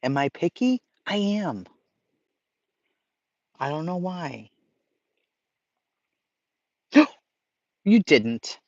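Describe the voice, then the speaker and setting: Profane, excitable man on a dull stream. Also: a little high, very slow, long pauses, no echo. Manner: profane, excitable, talks to chat. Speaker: livestream host. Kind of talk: casual livestream chat.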